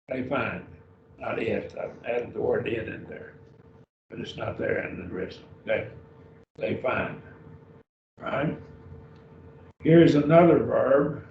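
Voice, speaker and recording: A man teaching a Greek grammar class at a slow, patient pace, repeating each word form as he goes. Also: mid-range voice, vocal fry, darkish tone. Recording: lo-fi roomy recording from a distance.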